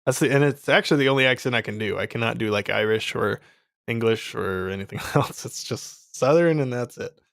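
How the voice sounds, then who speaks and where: A man's voice: medium pitch, fairly quick, creaky, fairly bright tone, no echo, studio quality. A young man in casual livestream chat, rambling with many fillers and frequent laughs. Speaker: streamer selling his course.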